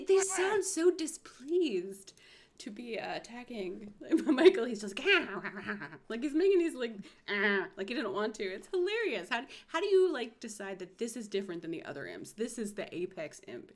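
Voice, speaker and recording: Giggly woman host with a lively voice. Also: fairly high pitch, normal speed. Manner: giggly, enthusiastic questioner. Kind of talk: casual live-stream interview.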